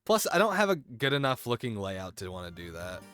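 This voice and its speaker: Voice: mid-range voice, sing-song, a little fast, a bit bright, smooth, soft background music. A streamer chatting casually on a group stream, joking around and swearing freely.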